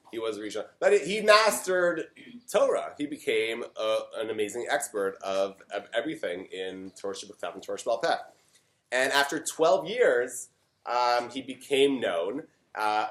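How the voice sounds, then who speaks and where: A man's voice: mid-range voice, moderate pace. A middle-aged man from Canada, a rabbi giving an informal Torah talk, chatting with many fillers and joking asides. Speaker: rabbi teaching a class. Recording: roomy echo.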